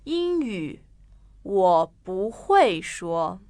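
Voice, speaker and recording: A woman co-hosts a language lesson and models each phrase very slowly for learners. Her pitch moves a lot, and the recording is close and dry. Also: big pitch swings, a little mellow, dry recording. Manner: clear, deliberate repetition. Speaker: native-speaker co-host. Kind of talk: slow model pronunciation for learners.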